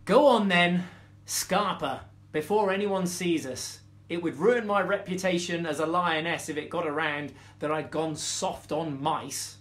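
A man voicing a proud, fierce lioness with booming, mocking laughter in a bedtime storybook reading. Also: a bit bright. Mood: gruff. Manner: drawn-out theatrical scorn.

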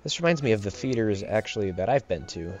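A young man talks casually over his gameplay, rambling and joking with frequent laughs. His voice sits a little low, and the home mic sounds a bit dull with faint game music underneath. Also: animated, fast. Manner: rambling, jokey, laughs often. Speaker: let's play host.

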